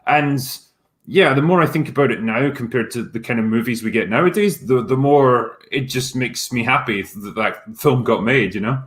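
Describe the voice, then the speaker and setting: Brief: Scottish male guest critic, mid-pitched, dry wit, loose conversational delivery. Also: moderate pace. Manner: wry, amused, conversational. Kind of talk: casual roundtable chat.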